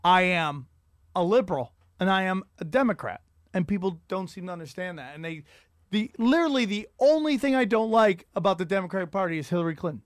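A man's voice: high voice, animated, a little fast, no room sound, studio quality. A man hosting a casual chat, telling rambling, profane, self-mocking stories.

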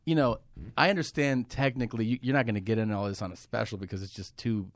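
A man in a podcast studio spins a story with easy energy, swearing often and breaking into laughter along the way. His voice sits at a middling pitch and is recorded close and dry, with almost no room sound. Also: fast talker, dry recording. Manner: animated storyteller, swears freely, laughs while telling. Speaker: comedian guest. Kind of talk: casual storytelling conversation.

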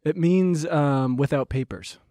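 A man's voice: a little high, unhurried, warm tone, no room sound, clean studio sound. A man from New Jersey co-hosting a podcast, dropping wry asides and bits of trivia. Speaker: podcast co-host. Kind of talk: casual comedic chat.

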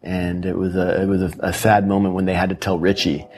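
A man with a low voice tells stories earnestly as an author guest in an interview. He often quotes the people in his stories. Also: completely flat delivery, fairly quick, a little mellow, slight background noise. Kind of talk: animated storytelling interview.

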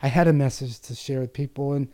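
Guest: man, psychic medium, warm mellow tone, earnest storyteller who acts out the voices in his stories. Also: mid-range voice, fairly even intonation, fast. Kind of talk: personal storytelling in an interview.

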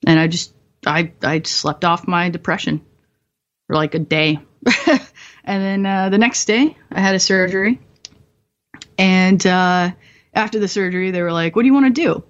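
A woman's voice: lowish voice, normal speed, long pauses. Woman, twenties, podcast guest, candid storytelling, swears and laughs, slightly muffled audio. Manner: profane, laughing and self-mocking.

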